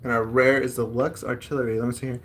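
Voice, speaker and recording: A man's voice: medium pitch, flat delivery, fast talker, fairly bright tone, slight background noise. A man hosting a casual chat while opening card packs, rambling and reading card text aloud.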